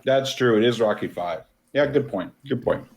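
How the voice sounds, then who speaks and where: Relaxed male podcast guest. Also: medium pitch, normal speed, gravelly. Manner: relaxed, explains boxing plainly. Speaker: guest co-host. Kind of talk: casual film commentary.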